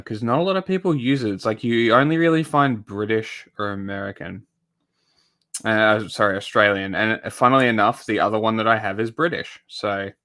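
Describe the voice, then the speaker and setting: Bright-voiced, swearing streamer guy. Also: medium pitch. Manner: rambling and profane, with many restarts and fillers. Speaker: livestreamer commenting on news. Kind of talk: casual live-stream chat.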